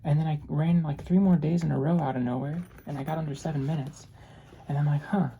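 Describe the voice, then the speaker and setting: Low, gravelly soft-spoken young woman. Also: fast, lo-fi sound, slight background noise. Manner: low monotone, rambling with restarts. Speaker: ASMR creator. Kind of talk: soft-spoken ASMR rambling.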